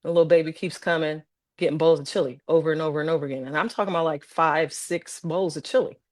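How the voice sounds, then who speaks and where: Ohio woman, low-ish voice, dry close mic, animated casual storytelling with little voices. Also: fast, dry recording. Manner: animated, acts out voices in her stories. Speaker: podcast guest, former social worker. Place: podcast studio.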